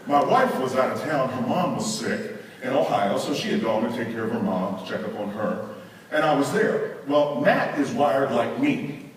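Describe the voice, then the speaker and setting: Animated man telling stories in an echoey hall. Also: medium pitch. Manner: animated, addresses audience with asides. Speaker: conference speaker. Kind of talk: humorous storytelling to a live audience. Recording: echoey hall, miked from a distance.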